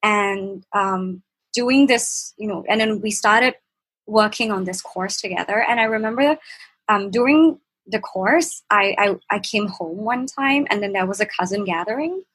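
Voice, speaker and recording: A woman's voice: medium pitch, unhurried, a bit bright, slightly rough, rough recording. A young woman from Thailand with a Thai accent, a podcast guest telling a personal story in an earnest, reflective way as she searches for her words. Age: young adult.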